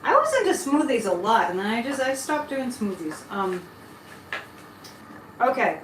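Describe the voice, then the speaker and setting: A middle-aged woman hosts a casual psychic livestream, giving a tarot reading and digressing as she chats over viewer comments. Her voice is on the high side and very animated, at a moderate pace. There's a roomy echo and slight background noise.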